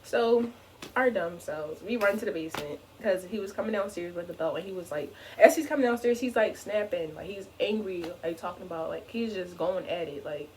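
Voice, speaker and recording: A young woman tells a funny story from her youth to her channel, with a slightly low voice. She is animated and full of "like"s. A faint hiss sits under the recording. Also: fairly quick, rough recording. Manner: animated, fills speech with "like". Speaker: vlogger. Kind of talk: casual storytime.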